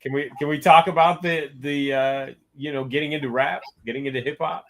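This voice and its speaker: A man's voice: fairly high pitch, fairly even intonation, fairly quick, a little hiss or hum. A man hosting a casual interview show, easygoing and asking open questions. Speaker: podcast host.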